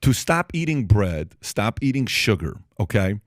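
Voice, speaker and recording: A man's voice: on the low side, big pitch swings, measured pace, dry recording, studio quality. A man hosting a podcast, debating and building his point through repeated, step-by-step examples. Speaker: podcast host. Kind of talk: animated debate.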